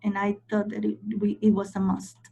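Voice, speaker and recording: Mellow husky-voiced woman trainer. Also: medium pitch, monotone, brisk. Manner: emphatic, repeats points and checks in with "okay?". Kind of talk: training lecture.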